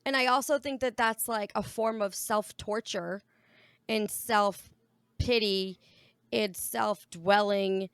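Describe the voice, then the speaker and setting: Young woman podcast co-host, bright and forceful, dry close sound, candid and swearing. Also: mid-range voice, steady tone, slow, smooth, no echo. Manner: candid, frank, swears freely. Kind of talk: casual chat.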